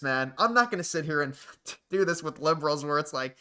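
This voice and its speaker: A man's voice: fairly high pitch, lively intonation, fairly quick, bright, forceful tone, clear, resonant tone. A man hosting a livestream, reacting to chat in blunt, profane, sarcastic rants. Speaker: livestream host. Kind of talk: casual livestream commentary.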